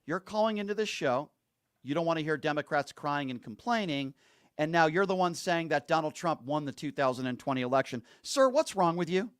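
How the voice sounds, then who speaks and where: A man's voice: on the high side, lively intonation, a little fast, clear, resonant tone, no room sound, clean studio sound. A man hosting a talk radio call-in show, blunt and combative with callers.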